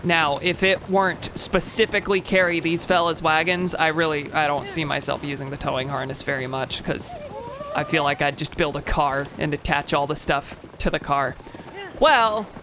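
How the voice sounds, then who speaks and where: A woman's voice: low voice, normal speed, a bit bright, slight background noise. A young adult woman streamer giving casual gaming commentary with chatty, wry asides.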